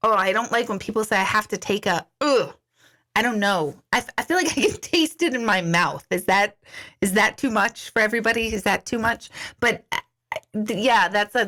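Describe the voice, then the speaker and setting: A woman's voice: mid-range voice, bright, forceful tone. A middle-aged woman chatting casually on a livestream, answering viewer comments in a chatty, giggly way with many restarts. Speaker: intuitive coach hosting a livestream. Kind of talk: casual live chat reading viewer comments.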